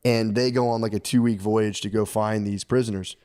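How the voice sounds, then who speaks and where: A man's voice: fairly even intonation, a little fast, a little mellow, dry recording, clean studio sound. A man co-hosting a comedy podcast, casually retelling history in rambling slang, dropping his voice to act out the people he quotes. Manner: rambling storyteller, slangy, acts out quotes in a lowered voice. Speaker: podcast co-host.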